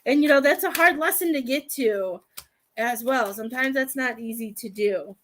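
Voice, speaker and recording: A woman's voice: fairly high pitch, moderate pace, a little hiss or hum. A woman giving a tarot reading as a medium, talking in a rambling, hesitant way that often turns emotional. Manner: rambling, hesitant, full of "I feel like"; emotional and tearful at times. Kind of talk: live-stream tarot reading.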